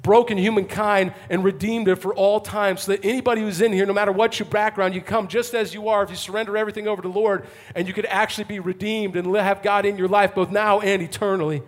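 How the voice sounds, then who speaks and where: A male pastor delivering an impassioned sermon to a congregation, swinging from fervent calls to hushed intensity. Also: high voice, fairly even intonation, fast talker, few pauses. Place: church, before a congregation.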